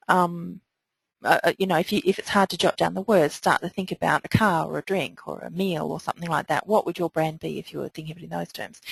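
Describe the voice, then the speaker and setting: A woman's voice: lowish voice, creaky, no echo, rough recording. A woman presenting a training webinar, talking conversationally and asking her listeners a run of rhetorical questions.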